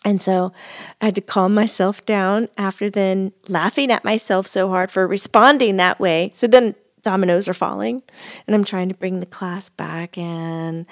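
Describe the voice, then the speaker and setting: A woman's voice: mid-range voice, fairly even intonation, normal speed. A woman co-hosting a podcast, telling a story in casual chat and often breaking into laughter. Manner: giggly storytelling, bursts of laughter. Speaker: podcast co-host.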